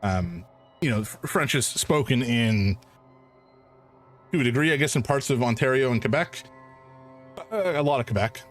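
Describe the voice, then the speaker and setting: A man's voice: medium pitch, animated, moderate pace, long pauses, soft background music. A man from Canada commentating a live game playthrough in a rambling, chatty way, laughing often and using many fillers. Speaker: gaming streamer.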